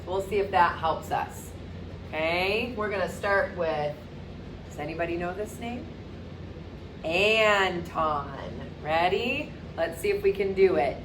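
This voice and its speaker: A woman's voice: big pitch swings, slow pace, background noise. A woman teaching young children in a virtual circle time lesson, talking in an exaggerated, sing-song teacher voice. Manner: exaggerated, sing-song teacher talk with big pitch leaps. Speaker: preschool teacher.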